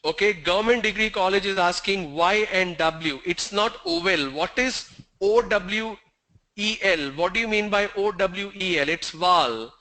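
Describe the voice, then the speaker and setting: A man's voice: high-pitched, normal speed, bright, forceful tone, rough recording. A middle-aged man teaching English pronunciation in an online lesson, drilling sounds letter by letter and correcting common mistakes.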